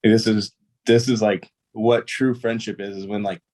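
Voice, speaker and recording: In a fairly low, darkish voice with little pitch movement and a moderate pace, a young man who plays pro ball tells stories as a guest. The interview is casual, and his delivery is easygoing and rambling, heavy on fillers.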